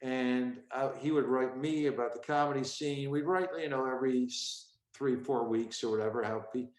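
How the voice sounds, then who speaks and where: A man's voice: medium pitch, moderate pace. Comedian in his 60s, echoey room. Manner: acts out bits of his old stand-up act mid-story. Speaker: stand-up comedian guest. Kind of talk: storytelling interview.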